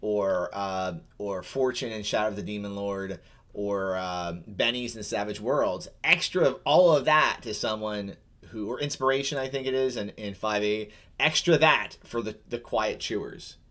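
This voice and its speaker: A man with a fairly low voice chatting casually as co-host of a tabletop gaming show. He rambles through his points with frequent restarts. He teases his partner now and then. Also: normal speed, a bit bright. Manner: rambling, teasing, many restarts. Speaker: podcast co-host. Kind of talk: casual chat about tabletop games.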